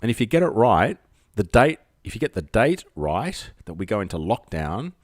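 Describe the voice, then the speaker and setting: An Australian man runs his own live-streamed call-in show, rambling through loose, self-mocking banter. His voice sits low but swings up and down a lot. The sound is dry and close, with almost no room around it. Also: very animated, moderate pace, no echo. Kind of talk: casual live-stream chat. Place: outdoors at night under spotlights.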